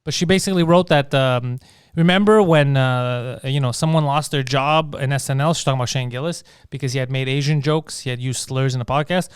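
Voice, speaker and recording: Fast-ranting man, crisp voice. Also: mid-range voice, dry recording, studio quality. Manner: rapid, profane ranting with lots of restarts. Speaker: podcast co-host. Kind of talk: casual comedy podcast chat.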